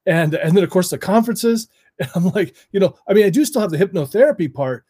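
A relaxed man chatting as a guest, his voice a little husky and pitched a bit high for a man. He laughs easily and rambles, restarting his sentences as he goes. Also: fast talker. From United States. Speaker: hypnotist guest. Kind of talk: casual chat.

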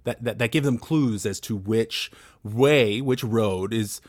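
A man with a lowish voice pitches a game show on a comedy podcast, rambling and swearing with playful energy. The sound is dry and close to the mic. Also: slow, a little mellow, no room sound.

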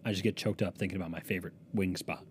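A young man hosts his own podcast alone at a desk microphone in a small room, delivering a solo comedic monologue of crude, rambling, self-mocking stories. His deep voice races along with fairly even intonation, and background noise is audible.

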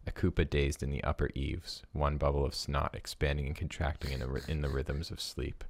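A man's voice: a bass voice, level tone, a little fast, vocal fry, dry recording. A man co-hosting a podcast who reads a story aloud, chuckling at times, and chats casually. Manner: laughs while reading, lots of fillers in chat. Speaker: podcast co-host. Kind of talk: reading a story aloud, then casual chat.

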